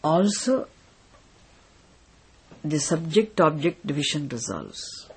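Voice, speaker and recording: A teacher giving a philosophy lecture in a deliberate way, often stopping to check that listeners follow. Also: medium pitch, big pitch swings, slightly rough. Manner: deliberate, repeatedly checks understanding. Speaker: spiritual teacher.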